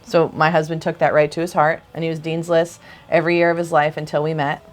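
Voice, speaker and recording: A woman's voice: deep voice, fast talker. A woman chiropractor co-hosting a casual conversation with her husband, telling stories animatedly and giving blunt opinions. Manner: animated storyteller who acts out quoted relatives. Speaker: chiropractor and podcast co-host.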